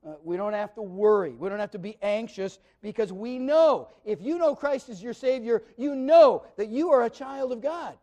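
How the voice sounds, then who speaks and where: Male pastor, middle-aged, high mellow voice, chatty sermon with loud emphatic swells. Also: moderate pace, few pauses. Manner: conversational preaching with frequent restarts, rising to loud emphatic peaks.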